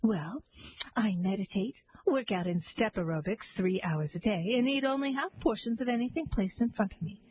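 A woman voicing an earnest young heroine in a storybook reading, bright and helpful. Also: mid-range voice, lively intonation, moderate pace, a little hiss or hum, lightly acted. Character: chirpy, earnest young woman, a health devotee. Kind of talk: storybook character voice.

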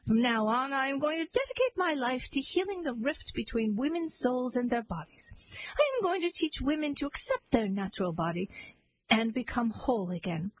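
A woman's voice: animated, normal speed, slight background noise, rough recording. A woman voicing a vain, self-pitying queen in a storybook reading, in a whiny, strained voice. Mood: indignant. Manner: whiny, sobbing, high and strained. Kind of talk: storybook character voice.

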